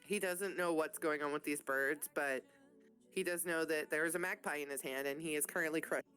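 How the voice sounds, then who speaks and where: A woman's voice: sits low, fairly even intonation, a little fast, a bit bright, clear, resonant tone, faint music behind. A woman running a tabletop game as game master, narrating the action casually, swearing freely and laughing often.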